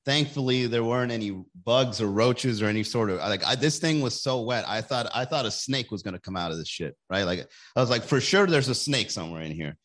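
A man's voice: mid-range voice, fairly quick, few pauses, a bit bright. A man hosting a livestream, chatting casually with jokes and swearing. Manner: joking, profane, rambling. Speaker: livestream host.

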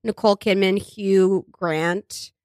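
A woman guest in casual studio chat, animated and laughing, swearing freely. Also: medium pitch, takes it slowly, no room sound. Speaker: podcast guest. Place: radio studio.

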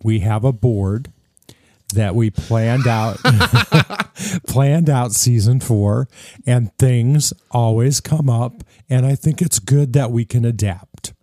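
A man co-hosting a food podcast in casual chat, hoarse and croaky from laryngitis. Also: mid-range voice, darkish tone, no room sound, studio quality. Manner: apologetic, measured. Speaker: podcast co-host.

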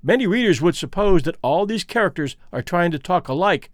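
A man with a Midwestern accent hosting a story podcast, giving a measured, explanatory introduction and reading aloud. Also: sits high, animated, dry recording, clean studio sound. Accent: Midwestern American. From American Midwest. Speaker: podcast host and reader.

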